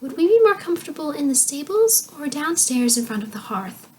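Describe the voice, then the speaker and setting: A woman puts on a gentle mother turned into a black pig, speaking softly and fondly in a raised, sweet voice. Storybook read-aloud, calm and affectionate. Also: sits high, brisk, slight background noise, voice pushed up. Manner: soft, affectionate, sighing.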